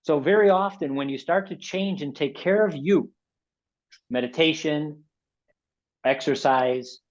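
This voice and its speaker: A man's voice: on the high side, a little slow. Sixties american guy presenting a webinar, rambly, restarts a lot, kinda lo-fi sound. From United States. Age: 60s. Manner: rambling, repeats words, restarts often. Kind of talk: casual talk in a webinar.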